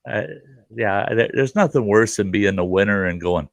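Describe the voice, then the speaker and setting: A man's voice: fairly low pitch, moderate pace, creaky, no room sound. A middle-aged man hosting a casual chat, telling a story with lots of swearing and acted-out voices. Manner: animated, swearing, acts out voices in his stories. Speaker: host.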